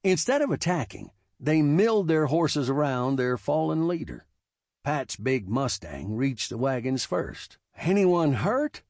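A man narrating a western novel as an audiobook, with expressive storytelling. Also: medium pitch, a little slow, creaky, no echo, clean studio sound.

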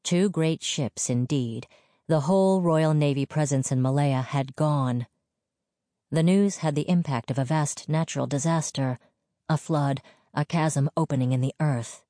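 Low-voiced woman narrating a novel. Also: dry recording, clean studio sound. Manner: even, measured storytelling. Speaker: audiobook narrator. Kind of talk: scripted narration.

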